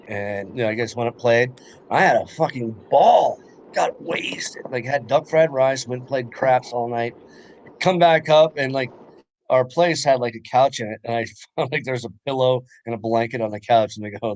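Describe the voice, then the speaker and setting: A young man rambling through a personal story in a casual chat, with lots of fillers and swearing. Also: mid-range voice. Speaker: podcast co-host.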